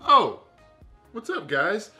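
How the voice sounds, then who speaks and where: A man's voice: high voice, sing-song, takes it slowly, over loud music. Overdramatic young male vlogger. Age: 20s. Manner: playfully overdramatic, jokey. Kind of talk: casual vlog chat to camera.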